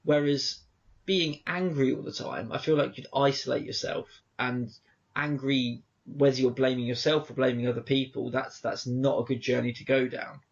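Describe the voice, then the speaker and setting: A man's voice: medium pitch, steady tone, moderate pace. A man co-hosting a podcast, chatting casually and reflectively, acting out quoted exchanges as he rambles. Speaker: podcast co-host. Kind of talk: casual chat. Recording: dull lo-fi podcast audio.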